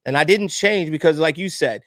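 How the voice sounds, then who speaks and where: On a podcast, a male guest shares a personal story with candor, animatedly performing the other people's voices in an emotional storytelling interview. His voice sits on the high side and moves briskly, captured dry and clean in a studio.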